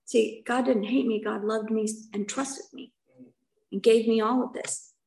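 Earnest middle-aged woman, somewhat high voice. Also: steady tone, unhurried, gravelly, darkish tone, poor audio. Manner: earnest and conversational, often checking in with "right?". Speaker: recovery meeting speaker. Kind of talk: personal testimony.

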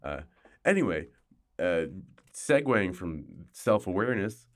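A man with a very low, deep voice hosts his podcast from home in casual chat. He rambles and jokes at his own expense, a little tipsy. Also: lively intonation, normal speed. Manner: rambling, joking, self-mocking. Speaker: podcast host. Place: home, hot room without air conditioning.

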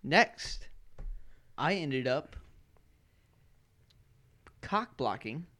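A man's voice: a little high, big pitch swings, very slow, pushed and bright. A young man in casual chat among friends over a party game, playful and laughing often. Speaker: game player.

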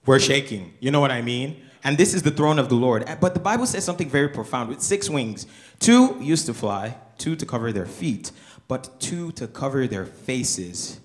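A man talks through scripture in an easy, conversational way. His pitch moves a lot as he asks rhetorical questions, and he laughs along with his co-host. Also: expressive, normal speed. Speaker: co-host of a church discussion show. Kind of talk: casual Bible study discussion.

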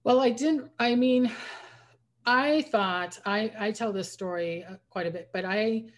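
A woman's voice: fairly high pitch, unhurried. Rambling woman psychic medium. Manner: rambling, restarts often, acts out quoted voices. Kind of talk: casual interview storytelling.

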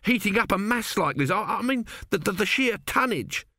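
A man's voice: high-pitched, moderate pace, no room sound, voice pushed up, heavily acted. A man voices an awestruck builder in a comic audiobook, stammering and repeating himself in a raised voice. The reading is dry and close. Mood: excited. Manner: stammering, awed, excitable. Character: excitable stammering male pyramid builder.

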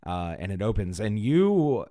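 A man narrating a tabletop game as game master, halting, with many fillers and restarts. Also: on the low side, big pitch swings, warm tone, no echo, studio quality.

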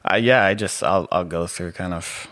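A man with a soothing voice, sharing his personal story as a podcast guest in a relaxed, rambling way with many fillers. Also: sits low, moderate pace, dry recording. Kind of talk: casual personal testimony.

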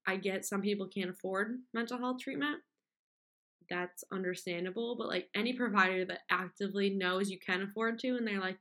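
A woman's voice: medium pitch, brisk, fairly bright tone. A young woman talking candidly on her own, rambling through her points with lots of fillers and restarts. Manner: candid, rambling, with frequent fillers and self-interruptions; mocks complainers with whiny put-on voices. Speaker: podcast host. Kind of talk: casual solo monologue.

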